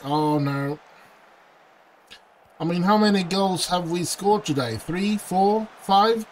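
A man's voice: a little high, a little hiss or hum. A man commentating his own football management game, pleading with his team and groaning at misses. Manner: anxious, pleading, groans and outbursts of frustration. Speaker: gaming channel host. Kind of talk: let's play commentary.

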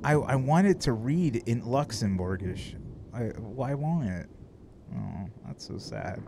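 A man's voice: mid-range voice, expressive, slow, creaky, background noise. A man streaming a game, chatting casually, swearing freely and laughing often as he rambles with restarts. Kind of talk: casual live-stream chat while gaming.

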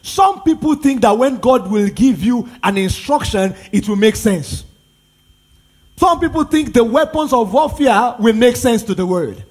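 High-pitched husky Nigerian preacher man. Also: lively intonation, measured pace, darkish tone. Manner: emphatic, repetitive preaching with rhetorical questions. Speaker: pastor. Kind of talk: sermon.

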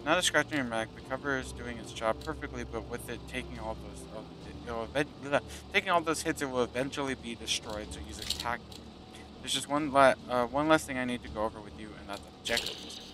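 A man's voice: mid-range voice, fast talker, noisy background. A man giving casual gameplay commentary, joking and stumbling as he reads tutorial text aloud. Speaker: gaming video host. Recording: with loud game music behind.

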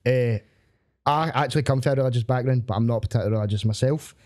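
A man's voice: mid-range voice, racing, darkish tone. A Scottish man, a stand-up comedian, telling gig stories in casual podcast chat, laughing often and swearing freely. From Glasgow, Scotland.

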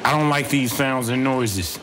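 A man talking through a horror game as he plays, rambling, joking and saying bro every few words. His voice is of middling pitch. Clear game noise runs under him. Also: unhurried. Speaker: gaming streamer. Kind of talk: let's play commentary. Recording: game audio playing under voice.

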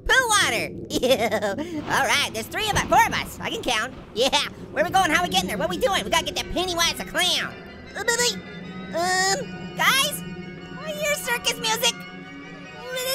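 A sky-high, squeaky cartoon orange chatters through a video game, giggling at his own puns. His bouncy voice leaps up and down without rest, over loud game music. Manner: punning, giggling, chattering excitedly. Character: wisecracking male talking orange, giggly prankster. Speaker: gaming channel host. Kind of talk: cartoon-character game commentary.

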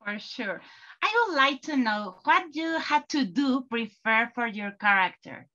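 A woman interviewer with a bright, fairly high voice keeps her questions short and simple. The sound is dull and lo-fi. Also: lively intonation, a little slow.

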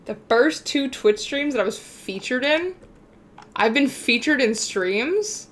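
In a high-pitched voice and at a slow pace, a young woman chats through a live game stream. She's excitable, swears freely, and jokes back and forth with her viewers.

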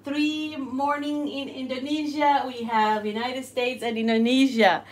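A woman's voice: high-pitched, little pitch movement, measured pace, hardly any pauses, reverberant. A woman hosting a live cooking stream from her home kitchen, bubbly and greeting viewers as she cooks. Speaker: cooking channel host. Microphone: phone.

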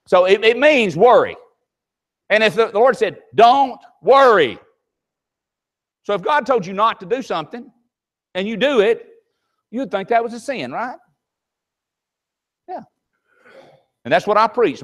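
An older man gives a folksy Sunday class sermon. His voice sits fairly high and swings widely as he acts out little voices in his anecdotes. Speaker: preacher teaching a Sunday class.

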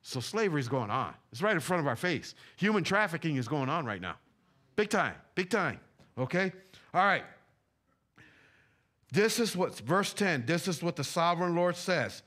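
A man's voice: fairly high pitch, big pitch swings, moderate pace, a bit bright. A man preaching a sermon in a church, talking in a loose, conversational way with slang and repeated phrases. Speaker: pastor. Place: church sanctuary.

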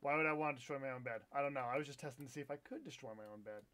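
A man's voice: medium pitch, very fast, fairly bright tone. A young man streaming a live game with viewers, chatting, swearing and bursting into frustrated outbursts. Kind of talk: live gameplay stream commentary.

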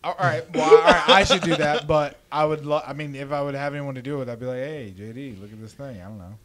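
A man with a slightly high voice talks quickly in casual podcast chat. He teases his friend and swears freely. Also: a crowd in the background. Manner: fast-talking, teasing, swearing.

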